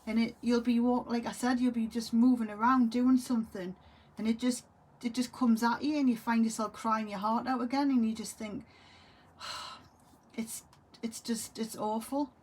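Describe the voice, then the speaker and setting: A grieving, tearful woman talks to camera in a halting way, often trailing off and repeating herself. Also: a little high, fairly even intonation, darkish tone. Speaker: vlogger. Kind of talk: emotional monologue to camera.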